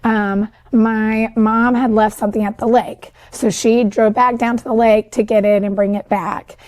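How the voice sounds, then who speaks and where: High-voiced chatty woman telling her story. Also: flat delivery, measured pace, darkish tone. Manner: talkative, with many fillers like "like" and "um"; describes herself as an overachiever and people pleaser who is always talking. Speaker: podcast guest sharing her story. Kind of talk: emotional personal storytelling.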